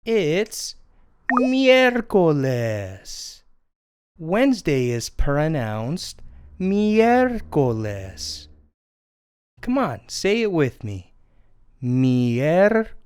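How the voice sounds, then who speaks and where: Puppeteer doing friendly sparrow puppet teacher for kids, very slow and bouncy, clean dry sound. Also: mid-range voice, very animated, a little mellow, smooth, dry recording. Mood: cheerful. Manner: sing-song, encouraging, drawn-out words. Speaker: children's language teacher. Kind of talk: children's lesson.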